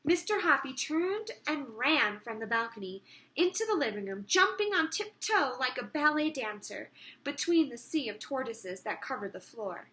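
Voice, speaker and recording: A woman who reads a storybook aloud for children in an expressive, storytelling way. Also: high-pitched, moderate pace. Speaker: teacher reading aloud.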